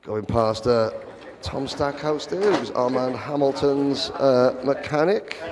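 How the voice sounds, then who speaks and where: A man's voice: mid-range voice, slow, background noise. A man giving live motorsport commentary, chatty with wry asides. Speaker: race commentator. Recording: long hall reverb.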